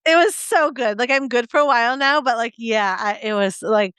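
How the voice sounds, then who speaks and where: Chatty, clear-voiced woman podcast host. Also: a little high, moderate pace, fairly bright tone, no echo. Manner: chatty and enthusiastic, laughs often. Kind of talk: casual chat.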